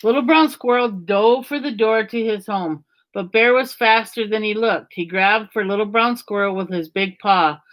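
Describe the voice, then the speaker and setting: A woman's voice: mid-range voice, normal speed, fairly bright tone. Woman reading a children's story aloud.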